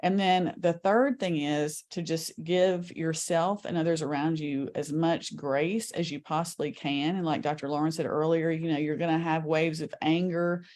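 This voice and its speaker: A woman guest on an interview show, telling a story in an earnest, animated way. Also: low voice. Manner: animated storyteller, earnest, talks with shifting speed.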